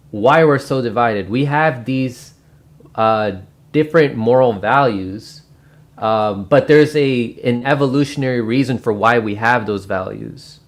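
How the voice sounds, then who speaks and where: A man hosting his own channel, recommending and explaining a book in a loose, casual way with lots of fillers and restarts. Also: mid-range voice. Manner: rambling, many fillers and restarts. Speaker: book review host. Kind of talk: casual spoken book review.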